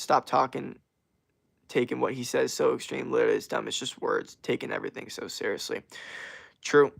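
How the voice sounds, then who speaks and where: His medium-pitched voice is creaky yet bright, with a forceful tone: a young man streaming live and chatting casually. He responds to comments from chat in a rambling way, loaded with slang and filler words.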